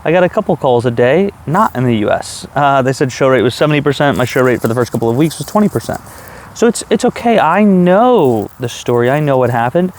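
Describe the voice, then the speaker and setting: A man's voice: mid-range voice, animated, fairly quick, darkish tone. A man talking to camera in a casual, reflective monologue, rambling with many restarts and fillers. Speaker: vlogger. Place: outdoors.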